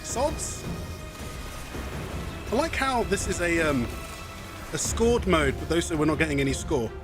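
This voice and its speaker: A man's voice: on the high side, very animated, measured pace, music in the background. A man streaming a video game, chatting in a rambling way and often laughing. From half Scottish. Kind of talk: live game stream commentary.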